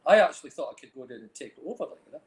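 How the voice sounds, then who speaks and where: A middle-aged man with a Dundee Scottish accent tells long, rambling stories as an interview guest. His voice sits a little high for a man, and he keeps dropping in "like, you know." The recording has a roomy echo. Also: expressive, rapid-fire. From Scotland. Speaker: guest, film director and music manager. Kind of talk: casual chat.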